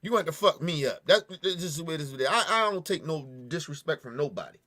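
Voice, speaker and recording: Angry high-voiced man ranting. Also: animated, brisk, pushed and bright. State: sniffling. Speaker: show host reacting to news. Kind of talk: heated commentary.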